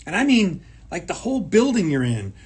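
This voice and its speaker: A man's voice: high voice, big pitch swings, a little fast, darkish tone, husky. A man co-hosting a show, giving emphatic motivational talk and repeating his points. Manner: emphatic, repeats phrases, acts out quoted people. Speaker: co-host. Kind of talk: motivational chat.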